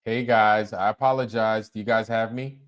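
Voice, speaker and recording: A man hosting a casual livestream, talking in an animated way, swearing freely and leaning on filler phrases. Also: fairly low pitch, moderate pace. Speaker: livestream host.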